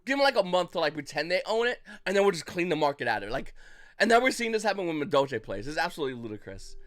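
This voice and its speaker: Male host, casual market commentary, lively pitch, rambling and playful. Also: racing. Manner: animated, acts out buyers' reactions in mock voices; loose, rambling delivery with restarts. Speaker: trading card market commentator.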